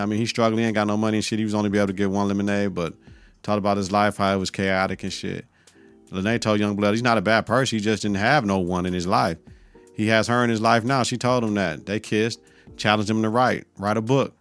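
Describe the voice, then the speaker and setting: A man's voice: on the low side, little pitch movement, a little fast, fairly bright tone, clear, resonant tone, faint music behind. A male podcast host giving a casual, profane recap of a TV episode, laughing often.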